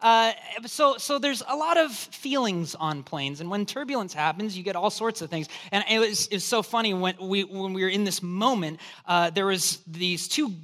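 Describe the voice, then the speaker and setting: A man preaching a sermon as pastor, telling a humorous story in an animated, joking way. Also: high-pitched, moderate pace, hardly any pauses. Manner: animated, joking storyteller, acts out quoted voices.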